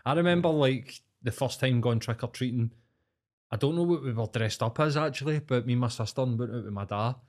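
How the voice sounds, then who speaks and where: A man's voice: medium pitch, brisk, darkish tone. A Scottish man hosting a casual podcast, easygoing, mostly giving short replies. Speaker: podcast host. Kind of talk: casual chat.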